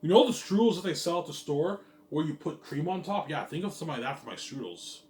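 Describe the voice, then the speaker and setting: A man's voice: on the high side, expressive, fast talker, a little mellow. A man in a casual rambling monologue about his company plans, repeating stock phrases like "look at that" and "yeah, man". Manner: repetitive, keeps saying "yeah, man" and "look at that". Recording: echoey room, distant mic, faint ambient noise.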